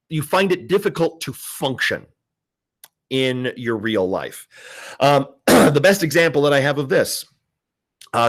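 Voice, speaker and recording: A male teacher in his forties talks a class through a lesson in a relaxed, storytelling manner. He stumbles over restarts and fillers, then brightens to act out the people in his anecdotes. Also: mid-range voice. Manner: conversational, many fillers and restarts, acts out quoted voices.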